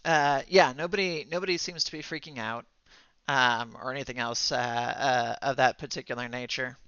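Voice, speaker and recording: A man running a tabletop game as game master, narrating in a halting way with many fillers and restarts. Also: medium pitch, sharp tone, clear, resonant tone, no echo, highs cut off.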